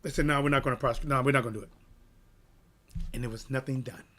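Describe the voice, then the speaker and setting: A man hosting a boxing channel, telling a personal story in an animated, emphatic way and checking in with "right?". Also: mid-range voice, rapid-fire. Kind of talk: casual storytelling rant.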